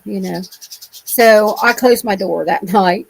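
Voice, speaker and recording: Middle-aged woman guest, gravelly voice, homespun and rambling storyteller. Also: mid-range voice, takes it slowly, poor audio. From Ohio. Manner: rambling, colloquial, many restarts. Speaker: interview guest. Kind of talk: telling personal encounter stories.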